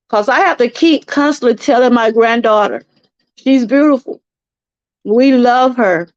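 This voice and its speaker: A woman's voice: a little high, measured pace, dry recording. A middle-aged woman with a Southern US accent hosting a live-stream testimony talk, earnest and preachy, repeating herself and speaking to her viewers. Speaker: channel host. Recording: dry, slightly muffled lo-fi sound.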